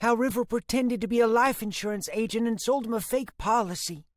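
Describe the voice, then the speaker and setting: A man's voice: extremely high pitch, brisk, no echo, studio quality, pitched above the performer's own voice. A man voicing a distraught middle-aged mother who pleads with her son. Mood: insistent. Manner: pleading, upset.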